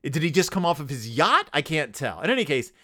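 Male podcast host, sarcastic riffing recap, animated pitch, slightly high voice. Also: fairly quick, no echo, studio quality. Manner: sarcastic, riffing, acts out characters. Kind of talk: comedic book recap.

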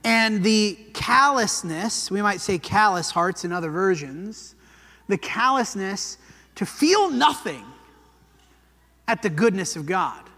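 In a church hall with long reverb, a man preaches a sermon conversationally, frequently checking in with "right?". His voice sits high and sounds a bit bright.

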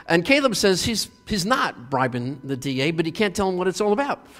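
Male pastor, animated storyteller, recorded in a hall with long reverb. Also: high voice, a little fast. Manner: animated storytelling with frequent fillers and laughs. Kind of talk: sermon retelling a TV episode.

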